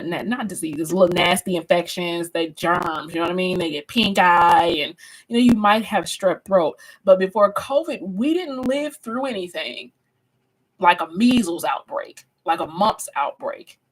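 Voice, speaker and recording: A woman instructor with a lowish voice leads a live online class discussion, chatty and conversational. She often restarts sentences and speaks directly to viewers, and the recording quality is low.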